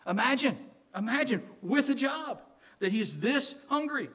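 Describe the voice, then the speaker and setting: His voice is very high-pitched and his pace measured. An Illinois man with a Southern accent, he preaches as a pastor, animated and joking, lowering to a hush to stress a point.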